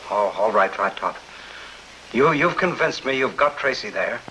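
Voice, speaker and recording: An actor playing a nervous syndicate boss who stammers and pleads, in a 1940s radio drama with faint hiss. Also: male voice, medium pitch, expressive, normal speed, bright, forceful tone, low-quality recording. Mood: flustered. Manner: flustered, stammering.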